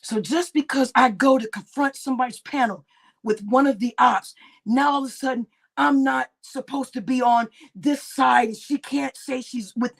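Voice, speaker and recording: Furious high-voiced woman ranting on stream. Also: normal speed, gravelly. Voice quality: heavy cursing, shouting bursts. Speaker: livestream host. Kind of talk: angry livestream rant.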